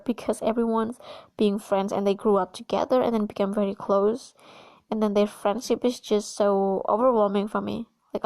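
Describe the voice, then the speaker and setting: Gushing chatty woman podcaster. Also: medium pitch. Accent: American. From Indonesia. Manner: gushing, chatty, many fillers and restarts. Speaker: podcast host. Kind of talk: casual solo podcast chat.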